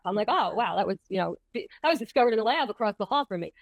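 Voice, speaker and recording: A woman in her fifties with a New York accent, a medical oncologist talking in an animated, chatty way as an interview guest. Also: medium pitch, rapid-fire, poor audio. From Long Island, New York. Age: 50s. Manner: animated, chatty, self-deprecating laughter. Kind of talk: conversational interview.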